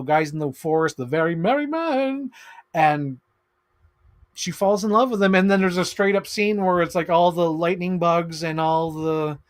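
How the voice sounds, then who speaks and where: A man chatting casually on a live stream about his toy collection, excitable and rambling, swearing freely. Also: a little high.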